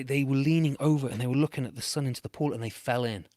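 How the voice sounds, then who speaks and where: A British man making up a playful, animated children's story, with big swings between loud and soft. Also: medium pitch, quick pace, hardly any pauses, dry recording, studio quality.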